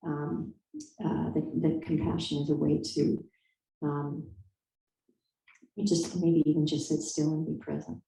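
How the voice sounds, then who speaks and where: With a deep, warm, creaky voice, a woman author speaks a little slowly and level in tone, pausing often. She answers interview questions conversationally, thoughtful yet hesitant, full of fillers and restarts, recorded from a distance in an echoey room.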